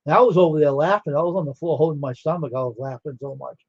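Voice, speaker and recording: An older man hosting a livestream rambles through stories in casual chat, laughing and acting out the quoted dialogue. His voice is fairly high and racing, and the highs are cut off.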